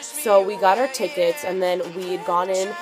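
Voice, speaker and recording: A teenage girl telling a story on her vlog in an excitable, gushing way, full of "like" fillers. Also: mid-range voice, moderate pace. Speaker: vlogger. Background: background music.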